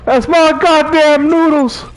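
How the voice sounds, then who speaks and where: A man's voice: slow pace, rough recording. A man doing a whiny, wailing grown man. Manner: high, strained, wailing complaint. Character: whiny seething grown man mourning his noodles.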